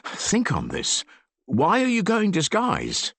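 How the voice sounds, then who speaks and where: A man's voice: sits high, wildly swooping pitch, slow, creaky, a bit bright, no room sound, pitched above the performer's own voice, full character voice. A man voicing a loyal, anxious royal gardener in an audiobook, with an earnest, pleading manner. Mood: urgent pleading.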